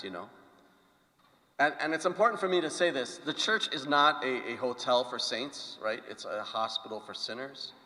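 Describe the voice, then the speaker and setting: A male priest giving a conversational homily, telling stories and asking the congregation questions. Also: medium pitch. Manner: animated storytelling with questions to the congregation. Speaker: pastor. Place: church. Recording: long church reverb.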